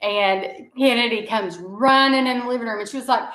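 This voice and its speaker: A woman from the American South, a vlogger and mother, chats casually in a Southern accent and tells rambling stories. Her voice is fairly high and a bit bright at normal speed, recorded in an echoey room.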